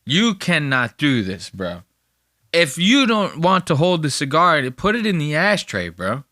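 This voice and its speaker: A male podcast host riffing crudely over video clips, mocking and profane. His voice is bright and forceful with a lively, swooping pitch. The sound is dry and close to the mic. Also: measured pace, dry recording. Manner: mocking, crude, bursts into high-pitched impressions. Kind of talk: casual profane commentary on clips.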